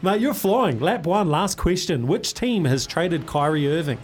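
A man's voice: fairly high pitch, animated, a little slow. Upbeat New man hosting radio. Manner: upbeat, matey, slangy. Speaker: radio quiz host. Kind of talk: casual radio banter. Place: radio studio.

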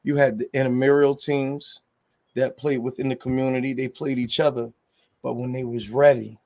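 A man's voice: mid-range voice, little pitch movement, normal speed, darkish tone. Joking New man telling stories. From New Jersey. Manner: loose and joking, storytelling, with slang and restarts. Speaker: music label head. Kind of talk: casual interview talk.

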